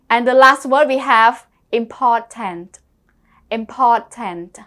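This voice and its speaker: A woman's voice: a little high, slow pace, sharp tone. A woman teaching English vocabulary, repeating each word and spelling it out letter by letter. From Cambodia. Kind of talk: slow classroom lesson.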